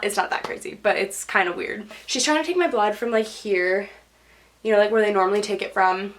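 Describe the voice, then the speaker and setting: A young woman telling a story in a casual vlog, chatty and full of "like", acting out quotes in a higher voice. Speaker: YouTube storyteller.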